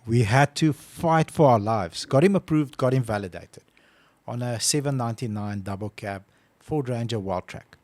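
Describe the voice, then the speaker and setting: A man co-hosting a casual podcast, telling a story with lively acted-out phone calls. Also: medium pitch, moderate pace, no echo. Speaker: podcast co-host.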